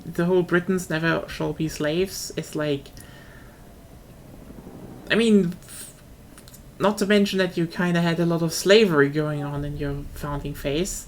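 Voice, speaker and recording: Rambling German-accented woman with a low voice. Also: slight background noise. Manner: rambling, swears casually, frequent restarts. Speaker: streamer. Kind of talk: casual stream chat.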